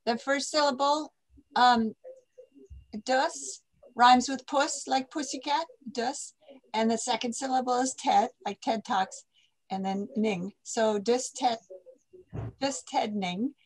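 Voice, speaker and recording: A woman's voice: a little high, a little slow, rough recording. A woman on a video call explaining carefully, with a touch of amusement. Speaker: participant. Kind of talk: casual explanation.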